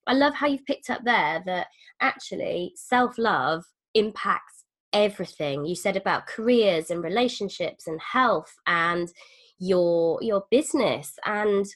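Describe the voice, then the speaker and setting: A woman's voice: mid-range voice, lively intonation, unhurried. A woman hosting a podcast, chatting with enthusiasm and now and then acting out quoted voices. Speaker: podcast host. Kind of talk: casual podcast conversation.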